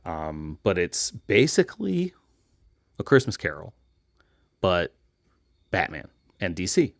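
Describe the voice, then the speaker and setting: Low-voiced man with frequent ums. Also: slow pace, gravelly, dry recording, studio quality. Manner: relaxed, frequent ums and restarts. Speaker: host, comic book retailer. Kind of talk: casual solo recommendation talk.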